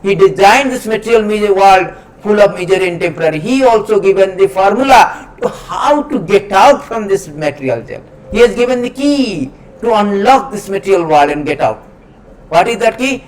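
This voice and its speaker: A man's voice: sits high, normal speed, low-quality recording. A man giving a scripture lecture, emphatic and repetitive, chanting Sanskrit verses in between. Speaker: preacher.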